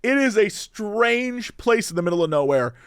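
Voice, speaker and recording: A man, co-hosting a podcast, rambling in an animated, casual way with lots of restarts. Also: sits high, moderate pace, clear, resonant tone, dry recording, clean studio sound. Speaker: podcast co-host. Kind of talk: casual chat.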